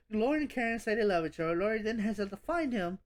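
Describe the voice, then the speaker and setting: Woman, horror movie reviewer, casual talk, animated, rambling, swears a lot, laughs often. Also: medium pitch, brisk.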